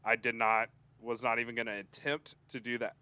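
Man, podcast co-host, laid-back chatter, bright tense tone. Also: medium pitch, level tone, a little fast, slight background noise. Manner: laid-back, filler-heavy. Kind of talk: casual chat.

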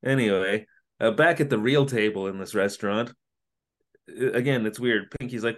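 A man co-hosting a casual podcast, retelling an episode in an animated, jokey way. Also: on the low side, moderate pace. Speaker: podcast co-host. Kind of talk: casual comedic recap chat.

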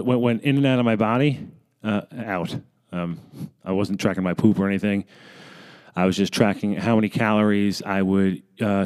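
A man's voice: medium pitch, darkish tone, clean tone. A man in his thirties, a fitness coach, talking bluntly and profanely in a rambling casual monologue.

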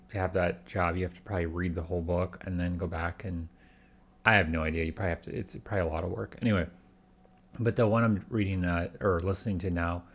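Deep-voiced man in rambling chat. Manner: rambling, full of restarts and hedges. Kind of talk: casual chat.

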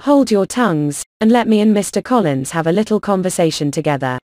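A woman's voice: medium pitch, expressive, a little fast, dark tone, no echo, studio quality, natural voice. A woman voicing a fretful, self-pitying middle-aged mother in an audiobook, whining and dramatic. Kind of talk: audiobook character reading.

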